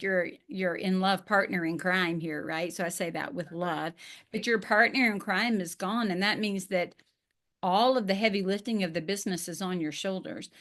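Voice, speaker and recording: A woman's voice: lowish voice, a bit bright. Woman podcast host and business coach, emphatic and encouraging, casual interview chat.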